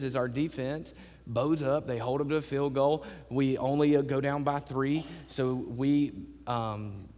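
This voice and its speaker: A man preaching a sermon, telling a lively, joking story to his church. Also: medium pitch, big-room sound.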